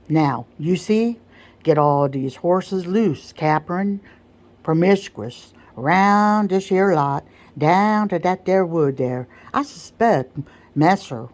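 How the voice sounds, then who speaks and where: A sly servant man full of playful cunning, drawling his words in a thick dialect, as a woman puts him on in whispered role-play. The voice sits low and soft for a storybook reading. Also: exaggerated voice. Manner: dialect-heavy, drawling, teasing.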